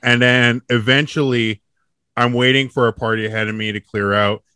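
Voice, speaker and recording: A man's voice: medium pitch, fairly even intonation, normal speed, pushed and bright, clear, resonant tone, no room sound, clean studio sound. A man casually telling a profane, laughing story on a comedy chat show.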